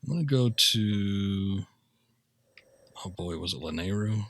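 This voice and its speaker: A male streamer chats casually over his gameplay, cracking jokes at his own expense. His voice is bright and forceful with a lively, animated pitch. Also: slow pace. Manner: joking, laughs at himself.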